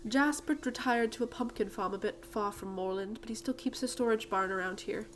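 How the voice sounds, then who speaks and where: A woman's voice: mid-range voice, fairly quick, a little hiss or hum, lightly acted, rough recording. A woman voicing a kindly, chatty lady in a game with a put-on British accent. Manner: gentle and chatty. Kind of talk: reading game dialogue aloud.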